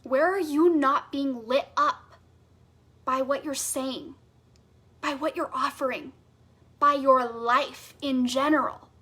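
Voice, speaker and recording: High-pitched, bubbly woman coach; enthusiastic live-class teacher. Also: steady tone, slow, bright, forceful tone. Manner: bubbly and enthusiastic, reads out chat comments. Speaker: business coach.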